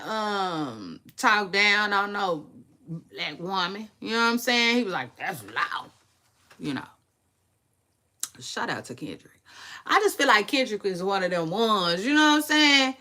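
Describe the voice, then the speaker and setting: A woman hosting a casual celebrity gossip vlog, chatting to her viewers in a playful, drawn-out way with frequent asides. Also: mid-range voice, sharp tone. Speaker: vlog host.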